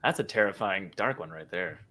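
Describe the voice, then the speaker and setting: A man's voice: low voice, lively intonation, a little fast, pushed and bright. A man co-hosting a live podcast, teasing and laughing often. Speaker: podcast co-host. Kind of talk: casual banter on a live podcast.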